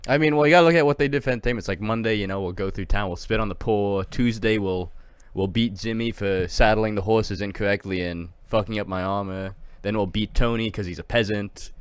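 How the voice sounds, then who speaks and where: Man, podcast co-host, smooth clear voice, casual anecdotes, laughs a lot. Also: fairly low pitch, brisk, dry recording. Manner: laughs often, swears, tells anecdotes. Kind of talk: casual chat.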